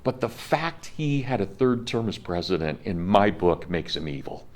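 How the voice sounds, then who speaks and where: A man's voice: fairly low pitch, sing-song, moderate pace. A man in his fifties giving a college history lecture, speaking with passion and emphasis and talking directly to his students. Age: 50s. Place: classroom.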